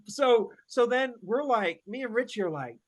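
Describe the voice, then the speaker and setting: Male wrestler guest with a high voice, loose storyteller, heavy on slang. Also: moderate pace. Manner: animated, full of fillers and slang. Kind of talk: casual storytelling.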